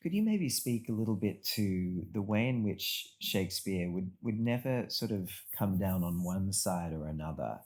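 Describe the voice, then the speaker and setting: Male host, low-pitched, hesitant, polite questions, interview style. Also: darkish tone. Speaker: podcast host. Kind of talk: podcast interview.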